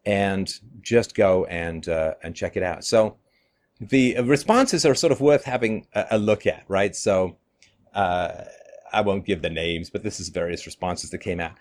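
Middle-aged man, solo commentary, animated delivery, mocking asides. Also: sits low, a little slow. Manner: animated, with mocking quotes and laughs. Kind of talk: monologue commentary.

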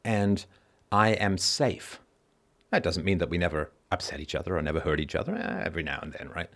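Man, low voice, emphatic call-in host, repeats points for stress. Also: fast talker. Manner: briefly acts out other people's reactions in mocking voices. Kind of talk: philosophical monologue to a caller.

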